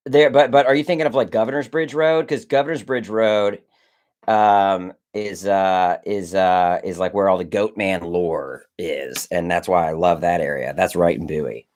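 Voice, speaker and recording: A man in his forties from Maryland, a host, director and former child actor, tells rambling stories in casual chat, correcting himself as he goes. His voice is deep and darkish, with fairly even intonation at a normal speed.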